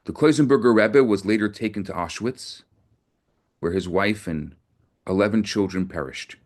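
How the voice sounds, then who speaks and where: A man preaching an earnest sermon, telling a story with conviction. His voice sits fairly low, and he often repeats words as he builds toward his point. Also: normal speed. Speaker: rabbi.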